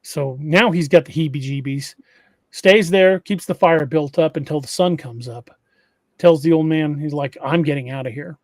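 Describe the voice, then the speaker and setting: A man's voice: on the high side, normal speed, a little mellow, no echo, clean studio sound. A man hosting a podcast, retelling an eerie encounter story in a casual way, often restarting phrases. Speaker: podcast host.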